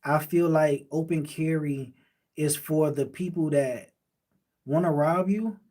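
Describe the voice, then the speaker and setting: Chatting casually on a late-night stream, a man from Miami, Florida answers viewers' comments with a relaxed, meandering style. He speaks slowly in a warm, somewhat high voice with his local accent.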